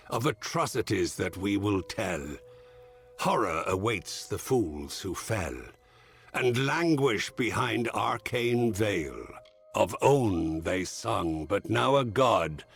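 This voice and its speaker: An actor playing an ominous figure who recites a dark rhyming verse to mortals, slow and solemn. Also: male voice, on the low side, full character voice. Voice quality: gravelly, husky. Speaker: game character.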